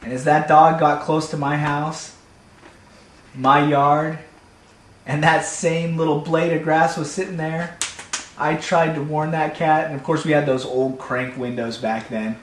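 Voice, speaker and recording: Animated man telling a comic story. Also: a little high, unhurried. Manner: animated, playful, builds to shouts. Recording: echoey room, faint hum.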